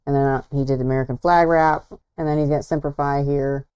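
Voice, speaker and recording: Chatty woman host, low and mellow, casual and self-deprecating. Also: steady tone, fairly quick, clear, resonant tone, low-quality recording. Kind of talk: casual livestream commentary.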